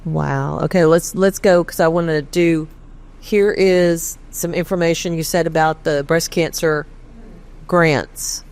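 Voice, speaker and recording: Woman host chiming in, slightly low voice. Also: steady tone, measured pace, a little mellow, clear, resonant tone. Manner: short encouraging interjections. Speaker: interview host. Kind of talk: casual interview.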